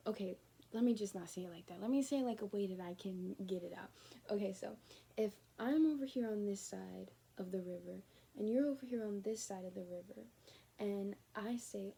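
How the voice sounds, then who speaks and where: Mellow-voiced woman giving a spiritual reading. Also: mid-range voice, animated, moderate pace, gravelly, slightly rough. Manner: rambling and conversational, often dropping to a near-whisper. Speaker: spiritual card reader. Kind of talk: casual spoken reading to viewers.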